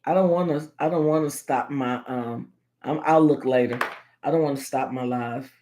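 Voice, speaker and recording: A woman's voice: very deep voice, moderate pace, noisy background. A woman hosting a casual livestream chat, playful and teasing, laughing often as she talks to her viewers. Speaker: livestream host.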